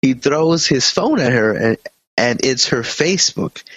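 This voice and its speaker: A man's voice: mid-range voice, lively intonation, a little slow, a bit bright, husky, dry recording. A man co-hosting a podcast, reading a story aloud with plenty of swearing and voices for the people in it. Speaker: podcast co-host. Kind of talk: comic storytelling. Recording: dull, dry lo-fi sound.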